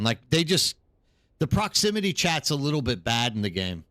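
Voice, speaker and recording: A tired male streamer chatting casually into his streaming mic, rambling from one thought to the next. His voice sits at an ordinary middle pitch. The sound is dry and close, with no room around it. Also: animated, normal speed, a bit bright, no echo. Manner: rambling, answers chat by name. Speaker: live streamer. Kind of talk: casual live stream chat.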